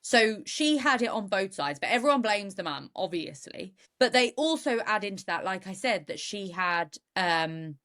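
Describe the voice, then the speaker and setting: A woman co-hosts a true crime podcast, recounting events in animated, indignant chat. Her voice sits at an ordinary middle pitch. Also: moderate pace, few pauses. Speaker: podcast co-host.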